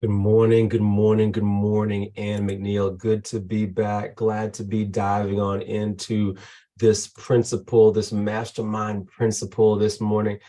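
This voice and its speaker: A man's voice: lowish voice, completely flat delivery, unhurried, dark tone. A man co-hosting a book discussion podcast, reading passages aloud from the text. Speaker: podcast co-host.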